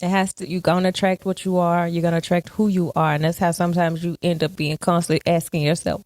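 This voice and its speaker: A woman's voice: fairly low pitch, fairly even intonation, darkish tone, no echo. Frank woman podcast co-host. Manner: frank, preachy, quick to call out. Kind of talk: casual podcast chat.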